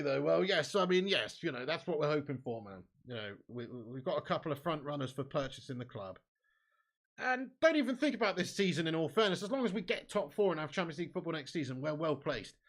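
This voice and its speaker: A man hosting a live football watch-along, excitable and sweary, swinging from low grumbling to loud shouting. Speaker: fan watch-along host.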